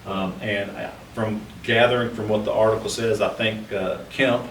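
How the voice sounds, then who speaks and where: A man with a low-side, slightly bright voice speaks at a moderate pace with fairly even intonation. As a podcast co-host and history researcher, he talks through Old West history casually, with many fillers and restarts. The mic sounds roomy and distant, with faint noise.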